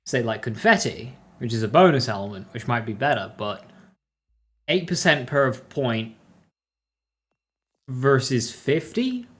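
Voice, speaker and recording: A man's voice: medium pitch, big pitch swings, measured pace, long pauses. A man streaming a game, thinking aloud about his build and greeting his chat viewers by name. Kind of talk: casual live-stream commentary.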